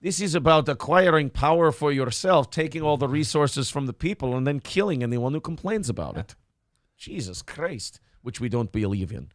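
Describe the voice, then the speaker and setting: Man playing a cruel Russian revolutionary, mock Russian accent, low and quietly menacing. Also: expressive, normal speed, no room sound, studio quality, close to an everyday voice. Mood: sneering. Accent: mock Russian, drifting Scottish.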